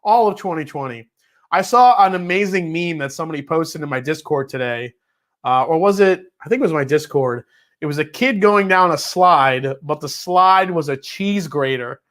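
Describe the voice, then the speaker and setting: A man's voice: on the high side, animated, moderate pace, fairly bright tone. Chatty New York man hosting a livestream. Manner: chatty, reads viewer messages aloud, swears casually. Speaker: whiskey livestream host. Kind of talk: casual livestream chat.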